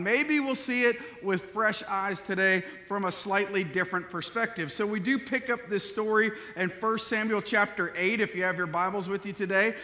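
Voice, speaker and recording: A man with a high, bright voice preaches a sermon in a church sanctuary. He talks to the congregation in an easy, conversational way and then pushes into loud, emphatic delivery. His words ring out with long reverb. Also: moderate pace, few pauses. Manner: prays softly, then preaches with rising force. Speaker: pastor.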